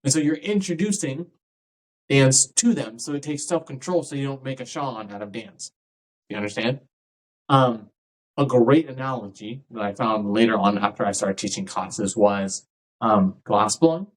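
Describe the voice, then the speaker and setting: A man's voice: mid-range voice, moderate pace, poor audio. A man, a dance instructor, talking casually in a podcast monologue and often checking in with his listeners. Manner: conversational, keeps checking in with "right?"; acts out quoted people in lively voices.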